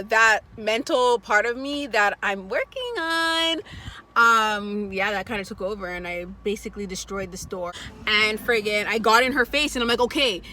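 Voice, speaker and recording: A young woman with a somewhat high voice tells a story on her vlog. She is animated and blunt, swears freely, and acts out the other people in the story. Her delivery is casual and conversational. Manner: animated, blunt and profane, acting out what others said. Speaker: vlogger.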